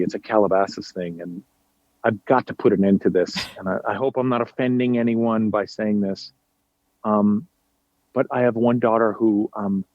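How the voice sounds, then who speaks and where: A New York man in his forties, guesting on a casual chat, tells stories animatedly but haltingly, with lots of fillers and restarts. His voice sits on the low side, recorded with no echo and the highs cut off.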